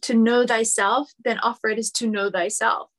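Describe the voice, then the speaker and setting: A woman's voice: fairly high pitch, level tone, moderate pace. A woman spiritual teacher giving a lecture, speaking earnestly and building her points through repeated phrases.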